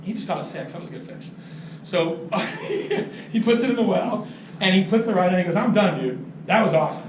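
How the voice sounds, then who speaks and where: A man teaching about fishing, telling an animated story, laughing often and acting out what people said. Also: high voice, a little fast. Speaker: fishing instructor. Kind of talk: anecdotal teaching talk. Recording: roomy, distant mic with noisy ambience.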